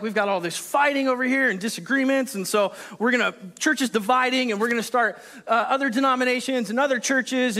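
A man's voice: extremely high pitch, a bit bright, big-room sound. A man preaching a conversational sermon to a congregation, chatty and self-deprecating, with joking asides. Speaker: pastor. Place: church service with a congregation.

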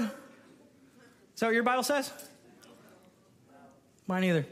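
Male pastor, high voice, animated sermon delivery, playful asides. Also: slow pace, long pauses. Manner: animated, playful, acts out the people in the story.

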